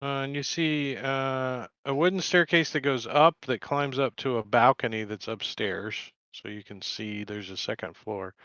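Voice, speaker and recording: A man narrating as game master in a tabletop game, reading descriptive scene text with relaxed asides. His voice sounds dry and somewhat dull, as if from a home mic. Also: mid-range voice, normal speed, hardly any pauses, no room sound.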